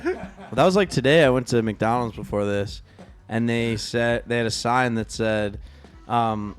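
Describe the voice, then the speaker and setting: Young male co-host, smooth resonant voice, rambling casual storyteller. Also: mid-range voice, moderate pace, soft background music. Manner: rambling storyteller with many fillers and restarts. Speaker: band member co-hosting a live stream. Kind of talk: casual chat.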